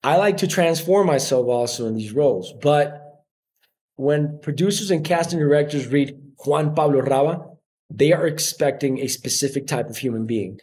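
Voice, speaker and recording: A man in his forties speaks English with a Colombian Spanish accent, his voice sitting a little higher than most men's. He tells stories in a relaxed interview, often slipping into quoted voices of other people. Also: moderate pace. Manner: animated storyteller acting out quoted voices. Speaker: podcast guest, actor. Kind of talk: casual interview chat.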